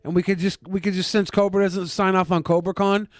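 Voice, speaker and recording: A man's voice: high-pitched, level tone, a little fast, dry recording, clean studio sound. A man co-hosting a podcast, chatting casually and cracking playful jokes. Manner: joking, playful. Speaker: podcast co-host. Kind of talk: casual chat.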